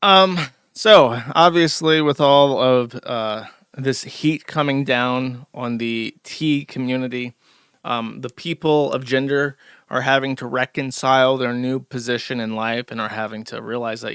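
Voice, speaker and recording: Sharp-voiced sarcastic male streamer. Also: mid-range voice, normal speed, smooth, no room sound, studio quality. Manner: sarcastic, rambling with fillers and laughs. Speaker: streamer host. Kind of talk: casual ranting commentary.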